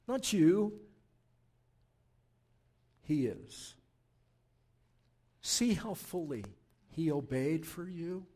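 Slow, impassioned preaching man. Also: high voice, slightly rough. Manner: impassioned preaching, swinging from loud urging to hushed prayer. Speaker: pastor. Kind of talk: sermon. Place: church.

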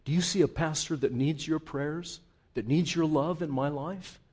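Husky-voiced preaching pastor, man. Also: on the high side, moderate pace, darkish tone. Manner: impassioned preaching with rising outbursts and rhetorical questions. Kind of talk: sermon.

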